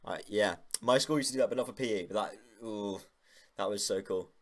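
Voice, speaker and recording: A young man talks casually to camera in a fairly low voice. He rambles, cracks jokes and swears freely. The tone is loose, off-the-cuff vlog chatter. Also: brisk. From United Kingdom. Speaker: YouTuber.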